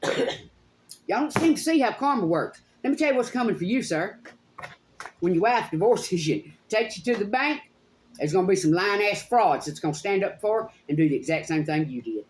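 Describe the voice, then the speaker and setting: A woman's voice: mid-range voice, expressive, normal speed, slight background noise. A middle-aged woman hosts her psychic channel, ranting straight to camera in a heated, accusing tone, swearing and repeating phrases for emphasis. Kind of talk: angry direct-to-camera rant. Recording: echoey room.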